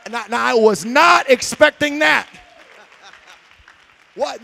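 A man preaching a sermon, telling stories with swings between shouts and quiet asides. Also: extremely high pitch, slow, gravelly, pauses often, some chatter behind. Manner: shouting, animated storytelling with swings from loud to quiet.

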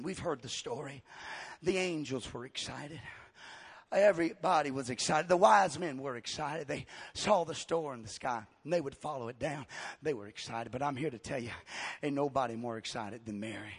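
A man preaching a dramatic sermon, telling a story and acting out the quotes, swinging from shouts down to hushed tones. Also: mid-range voice, moderate pace, husky, dry recording.

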